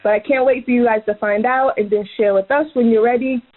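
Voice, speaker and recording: A woman's voice: a little high, steady tone, fairly quick. A woman from Maryland leaving a bubbly, enthusiastic voicemail for a podcast. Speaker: caller. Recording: phone line.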